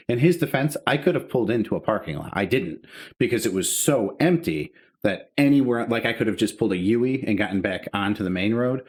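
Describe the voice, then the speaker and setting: A man's voice: on the low side, fairly quick. A man co-hosting a podcast, telling a story in casual chat, swearing and acting out the dialogue. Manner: animated, swearing, acts out dialogue. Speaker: podcast co-host.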